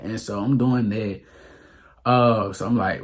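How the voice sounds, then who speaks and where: A man's voice: lowish voice, unhurried. A young man telling a rambling, profane storytime on his vlog, full of fillers. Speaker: vlogger. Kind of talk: casual storytime monologue.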